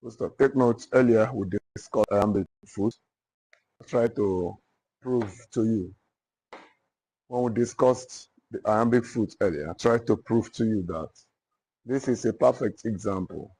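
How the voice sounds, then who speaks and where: A man with a Nigerian accent teaching literature to a class, dictating notes and repeating each phrase slowly. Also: fairly low pitch, dark tone, slightly rough. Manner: slow, repetitive dictation.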